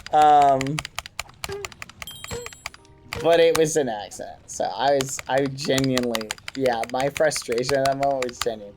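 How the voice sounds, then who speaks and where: A man streams a game from his home setup and talks casually to viewers, opting for mild exclamations instead of swearing. He speaks a little slowly in a mid-range voice and pauses often. Background noise and keyboard clicks and typing run behind him.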